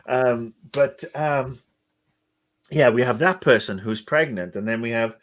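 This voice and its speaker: A man's voice: mid-range voice, a little slow. Guy rambling on a chat podcast, sarcastic, curses a bunch, lots of ums. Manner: rambling, sarcastic, swears freely, many fillers. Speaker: podcast co-host. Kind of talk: casual podcast discussion.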